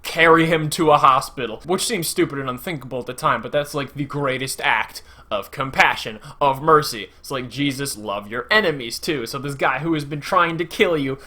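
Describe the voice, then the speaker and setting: A young man giving a casual, sarcastic movie review, acting out quotes in sudden shouts. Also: medium pitch, moderate pace, hardly any pauses.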